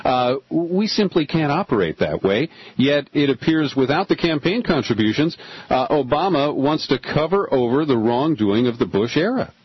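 An older man hosts a talk radio show and chats easily with his guest. His voice is husky and dry. The broadcast sound is a little dull and muffled. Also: medium pitch, very animated, normal speed, dry recording.

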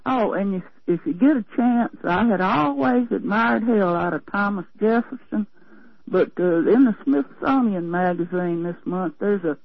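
A woman's voice: mid-range voice, moderate pace, creaky. An older woman from Tennessee with a Southern accent, chatting with a folksy, meandering manner as a radio caller. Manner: folksy, meandering, many fillers and restarts. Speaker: radio call-in listener. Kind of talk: rambling phone chat. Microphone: telephone. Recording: dull lo-fi phone line.

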